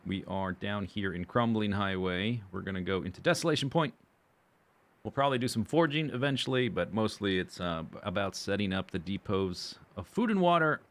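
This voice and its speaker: A man's voice: fairly low pitch, a bit bright. A man streaming a survival game, chatting casually and rambling as he goes through his gear and plans. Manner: chatty, rambling, self-correcting. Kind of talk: casual gameplay commentary.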